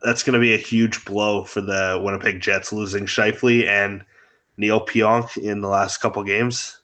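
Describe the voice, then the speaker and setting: A man's voice: lowish voice, little pitch movement, moderate pace, bright, forceful tone. A man hosting a casual sports podcast, blunt and opinionated. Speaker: podcast host. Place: remote, out of town.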